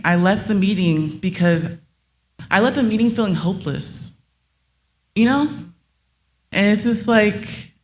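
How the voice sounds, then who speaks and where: A woman's voice: mid-range voice, darkish tone. A woman giving public comment at a meeting in a room, speaking with passion and partly reading a prepared statement. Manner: impassioned, reads a prepared statement.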